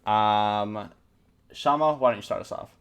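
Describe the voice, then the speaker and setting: A man's voice: on the low side, a little slow, smooth. A man hosting a casual podcast who jokes around and swears freely. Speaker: podcast host. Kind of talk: casual chat.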